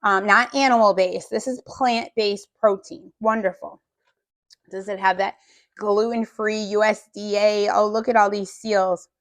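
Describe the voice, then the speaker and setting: Gravelly-voiced woman chatting to viewers. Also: mid-range voice, steady tone, unhurried. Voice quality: rough, gravelly voice. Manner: chatty and joking, with small asides. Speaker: vlogger unpacking a food bank haul. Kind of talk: casual chat to viewers.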